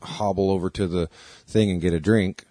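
A man's voice: low voice, steady tone, moderate pace, mellow, dry recording. A man co-hosting a podcast, telling stories casually and animatedly, swearing and acting out the people in them. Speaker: podcast co-host. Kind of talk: casual storytelling chat.

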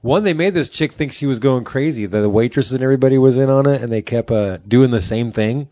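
A man's voice: mid-range voice, quick pace, mellow, no echo. Dry-voiced man telling rambling stories. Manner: rambling anecdotes, swears, many "like"s. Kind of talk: casual chat.

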